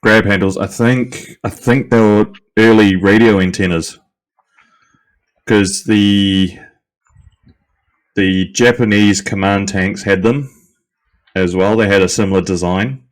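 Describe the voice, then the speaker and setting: Kiwi guy chatting on a podcast, lowish voice, relaxed, lots of ums and laughs. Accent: New Zealand. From New Zealand. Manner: laid-back, laughs easily, halting with ums. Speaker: podcast co-host, presenter of the episode topic. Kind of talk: casual podcast chat.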